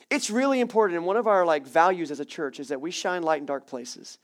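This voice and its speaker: A man preaching to his congregation in a church, a touch higher-pitched than most men. His delivery is energetic and conversational, casual asides mixed in with the scripture. He moves from sermon into a quieter prayer. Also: quick pace, few pauses. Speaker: pastor.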